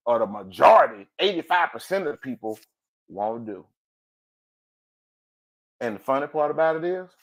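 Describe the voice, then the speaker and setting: Here a podcast host, a man, preaches through a motivational monologue, exclaiming "ooh" and lurching between loud and soft with big pitch and volume shifts. His tone is colloquial, and he addresses his audience as family.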